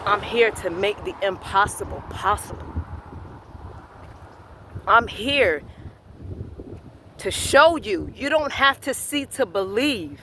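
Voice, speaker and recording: A man giving a slow, earnest spiritual affirmation monologue, repeating his phrases as a motivational vlogger. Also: sits high, expressive, sharp tone, slight background noise.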